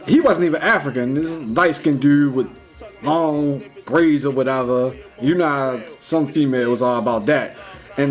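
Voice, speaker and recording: Young guy rambling to camera, kinda high voice, lotta "like", faint music behind. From United States. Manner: rambling, heavy use of "like" and "you know", restarts; slangy, animated when retelling. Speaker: vlogger. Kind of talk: casual opinion monologue.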